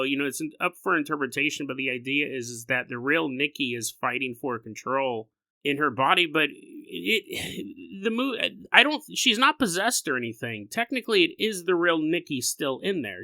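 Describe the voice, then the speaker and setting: A man hosting a paranormal podcast, talking casually in a rambling, animated way and laughing often. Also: on the high side, no echo. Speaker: podcast host. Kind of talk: casual solo podcast talk.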